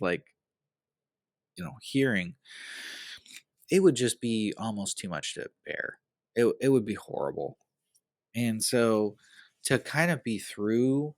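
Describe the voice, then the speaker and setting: Low-voiced man rambling through a recap. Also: no echo. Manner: earnest, rambling, heartfelt. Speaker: podcast host. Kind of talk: casual recap commentary.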